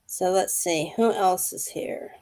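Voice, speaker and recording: A woman's voice: on the low side, takes it slowly, warm tone. A wheezy woman in her fifties giving a live card reading, speaking intuitively to viewers by name. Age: 50s. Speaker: tarot card reader.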